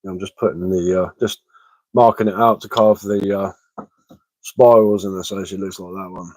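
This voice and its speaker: A man, a little hoarse from being ill, chatting casually on a livestream and answering comments with lots of hesitant fillers and repeated words. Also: low-pitched, steady tone, normal speed, darkish tone, no room sound, low-quality recording. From England. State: slightly hoarse from illness. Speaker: bushcraft livestreamer.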